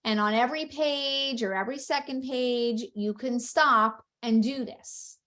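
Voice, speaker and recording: A woman's voice: on the high side, a little slow, a bit bright. A woman explaining a book-reading method to parents in a patient, instructional way, acting out short read-aloud examples. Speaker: speech-language educator.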